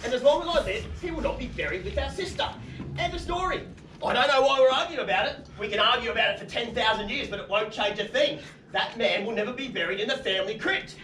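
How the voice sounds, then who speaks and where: Give me a man playing an indignant, crude uncle on stage, his pitch swooping high and low, heard from afar in a roomy space. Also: expressive, fast, bright, forceful tone, heavily acted. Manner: blunt, crude, exasperated. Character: blustering, indignant middle-aged uncle. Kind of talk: stage play acting. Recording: live stage audio from a distant mic, roomy and noisy.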